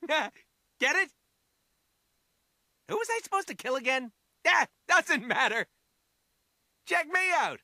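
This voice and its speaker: Zany game mercenary, high voice, super dry close sound, yelling taunts. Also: male voice, dry recording, heavily acted. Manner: zany, taunting, shouting one-liners. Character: manic wisecracking male mercenary who mocks the player. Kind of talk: video game character voice lines.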